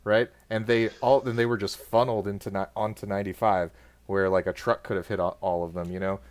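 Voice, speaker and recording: A man's voice: lowish voice, steady tone, fast talker. A man telling a rambling story in casual chat, full of fillers and restarts.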